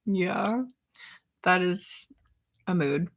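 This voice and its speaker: A woman's voice: lowish voice, very slow. A young woman hosting a casual livestream chat, reading viewers' comments, laughing often and trailing off with ums. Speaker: chronic illness vlogger hosting a live chat.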